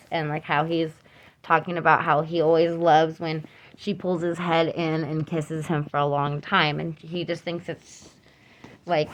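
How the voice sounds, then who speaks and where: Young woman talking to camera, kinda low voice, lots of ums and likes, earnest and troubled. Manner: halting, with many fillers and restarts. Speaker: mother telling her own account. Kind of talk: unscripted personal account to camera.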